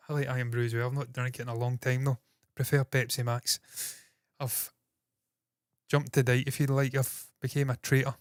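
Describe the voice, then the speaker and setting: A Scottish man hosting entertainment news in casual solo commentary, talking fast with a slightly nasal voice, swearing freely and mocking himself. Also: mid-range voice, dry recording, clean studio sound. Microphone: processed with equalizers, compression and noise gate.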